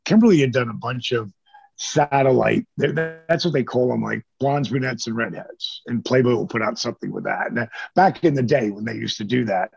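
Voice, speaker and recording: A man, a former wrestler telling stories in a casual interview, animated and swearing freely while he acts out the people he quotes. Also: mid-range voice, brisk, vocal fry, husky, dry recording, highs cut off.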